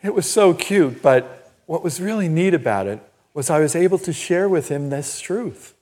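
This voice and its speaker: An older man preaching a sermon as pastor, telling personal stories in an animated, emphatic way. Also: a little high, normal speed. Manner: storytelling, animated and emphatic, laughs at own stories. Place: church.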